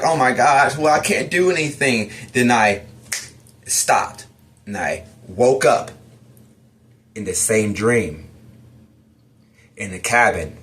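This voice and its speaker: A man's voice: mid-range voice, fairly bright tone. A man telling a personal story of a frightening dream, acting out his own lines as he goes. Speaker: testimony storyteller.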